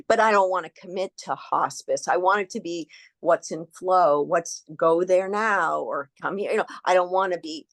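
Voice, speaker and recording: A woman's voice: deep voice, dry recording. A woman in casual spiritual conversation, telling a story animatedly, acting out quoted voices and swearing freely.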